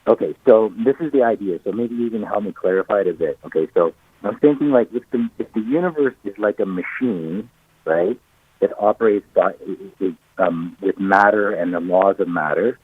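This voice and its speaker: A man from Canada calling into a radio show, eager and halting with many fillers, on a fuzzy phone line. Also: lowish voice, breathy edge, dry recording. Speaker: caller.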